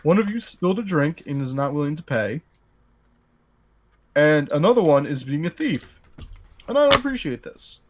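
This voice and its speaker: A surly, gun-toting barkeep runs his tavern with little patience, as a man puts him on while retelling a tabletop game. He speaks in a slightly raised voice that stays snappy, indignant and quick to threaten. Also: on the high side, sing-song, slight background noise. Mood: fed up.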